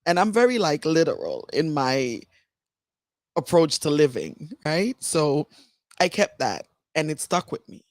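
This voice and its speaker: A woman's voice: deep voice, sing-song, unhurried, no room sound, clean studio sound. A woman author telling her life story candidly on a radio show, digressing and fighting back tears. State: close to tears. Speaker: author and guest. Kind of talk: emotional personal storytelling.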